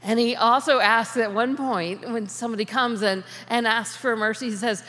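A woman's voice: fairly high pitch, steady tone, moderate pace, hardly any pauses, fairly bright tone. A woman giving a conversational sermon on prayer, talking informally, restarting phrases and laughing often. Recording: long reverb of a large hall.

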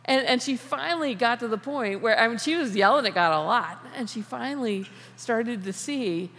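Woman preacher, kinda high voice, chatty and laughy, big echoey hall sound. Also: expressive, moderate pace, fairly bright tone. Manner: chatty, laughs often, frequent restarts. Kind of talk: conversational sermon. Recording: long reverb of a large hall.

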